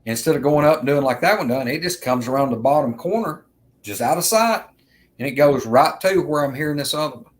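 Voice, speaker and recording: A man from with a mid-pitched voice. He tells a rambling, earnest story straight to his viewers, circling back and repeating himself as he goes. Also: lively intonation, brisk. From Alabama, US. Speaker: vlogger telling an encounter. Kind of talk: casual storytelling.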